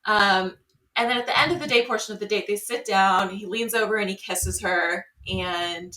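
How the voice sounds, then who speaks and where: Bright-voiced woman recapping, roomy and distant. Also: medium pitch, moderate pace. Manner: animated storytelling with acted-out quotes. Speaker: podcast co-host. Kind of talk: casual recap chat.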